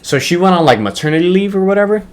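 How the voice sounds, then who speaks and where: A man's voice: sits high, rapid-fire. A young man casually telling a funny school story, swearing often and laughing as he goes. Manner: animated, profane, laughs while telling.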